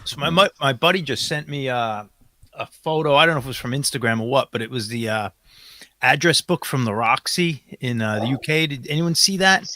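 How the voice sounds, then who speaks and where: A man with a bright, forceful voice, eagerly describing something he saw and stumbling over a few fillers. The sound is close and dry. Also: medium pitch, no echo. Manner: enthusiastic, halting with fillers. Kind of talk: casual music chat.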